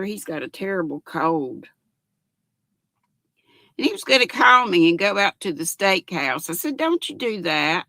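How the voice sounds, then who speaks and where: An older woman hosts a relaxed livestream chat and greets her viewers one by one. Her gravelly voice rises and falls in a lively way as she talks at an unhurried pace. The sound is dry and close. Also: on the low side, no echo. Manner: chatty, greets viewers by name. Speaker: livestream host.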